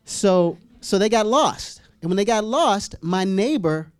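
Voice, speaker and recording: A man preaching a humorous storytelling sermon as pastor, acting out scenes with sudden high squeals and laughter. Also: unhurried, smooth, no echo, studio quality. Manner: animated, acts out voices with sudden high-pitched squeals and laughs.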